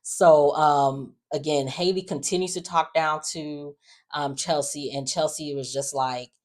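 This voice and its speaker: A woman's voice: low-pitched, fairly even intonation, measured pace, darkish tone. A young woman giving a chatty, slang-filled recap of soap opera episodes, trading in strong opinions.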